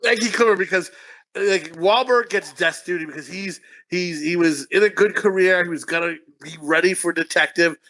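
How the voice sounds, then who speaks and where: A man co-hosting a casual podcast chat, talking fast, skipping words and acting out characters' lines as he retells a story. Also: high-pitched, pushed and bright. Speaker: podcast co-host.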